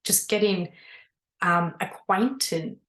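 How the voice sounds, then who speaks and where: A woman, a spiritual mentor, telling her own story in an earnest, animated way with lots of casual fillers. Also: mid-range voice, slow pace. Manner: earnest, animated, many "you know" fillers. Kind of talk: personal storytelling monologue. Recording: echoey room.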